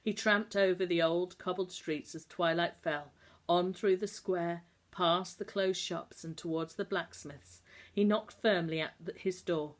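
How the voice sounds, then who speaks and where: A woman narrating an audiobook in a calm, even storytelling manner. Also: fairly low pitch, measured pace. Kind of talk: audiobook reading.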